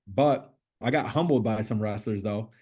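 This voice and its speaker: A middle-aged man, a podcast guest, telling stories in a casual interview, animated and swearing freely as he acts out what people said. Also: lowish voice, moderate pace, slightly rough.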